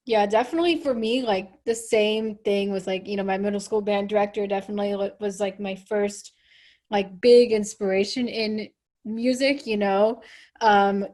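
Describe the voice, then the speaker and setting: A woman hosting a casual chat over a video call, relaxed and talkative with many fillers. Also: medium pitch. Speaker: host, trombone player. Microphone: video call microphone.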